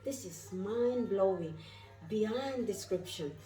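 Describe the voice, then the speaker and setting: Woman, spiritual travel vlog, effusive, mellow, roomy echo. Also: medium pitch, expressive, takes it slowly, recorded from a distance, soft background music. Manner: effusive, repeats questions to viewers. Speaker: vlogger. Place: inside a moving car.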